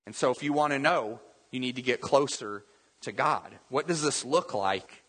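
A man preaching to his congregation in a bright, slightly husky voice. His sermon feels conversational, with rhetorical questions and asides. A long reverb trails his words through the hall. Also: a little high, animated, moderate pace. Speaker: pastor.

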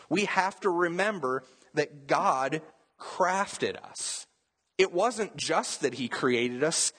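A young adult man preaching a sermon in a relaxed, conversational way, full of casual asides. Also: mid-range voice, husky. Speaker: pastor.

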